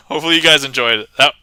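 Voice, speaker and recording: A man streams from a home setup with a very bright, crisp voice, joking loosely as he narrates card tricks. He laughs often and reads viewer comments aloud. The sound is dry and close, with no room echo. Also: mid-range voice. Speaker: magic livestreamer. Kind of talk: casual live-stream chat while performing card tricks.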